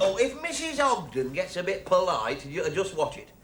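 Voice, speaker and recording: Stuttery stingy shopkeeper, kinda high voice, dry sly jokes, hissy old sitcom clip. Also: male voice. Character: stammering, penny-pinching middle-aged male shopkeeper.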